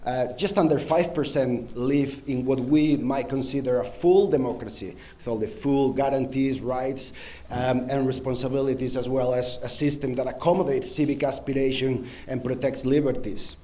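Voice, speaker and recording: A man with a Spanish accent giving a conference keynote, often pausing on ums and uhs and speaking straight to the audience. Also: medium pitch, fairly even intonation, mellow. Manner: frequent ums and uhs, engages the audience with direct prompts. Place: conference hall stage.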